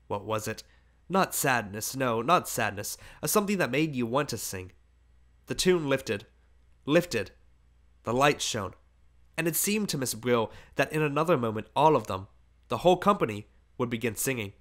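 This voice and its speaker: A man's voice: medium pitch, a bit bright. A man narrating a literary short story as an audiobook, reading expressively with emphatic rises.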